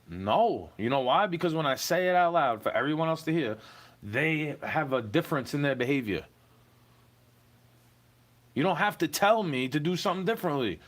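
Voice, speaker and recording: A young man in an aggrieved, profane rant to camera, talking straight at someone who wronged him. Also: a little high. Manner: aggrieved, profane, repeatedly says "bro". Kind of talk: ranting monologue to camera.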